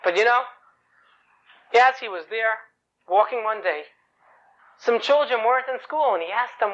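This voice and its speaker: A man's voice: very high-pitched, lively intonation, normal speed, long pauses, fairly bright tone. A man telling an inspirational story in a chatty way, often asking rhetorical questions. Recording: dull lo-fi recording.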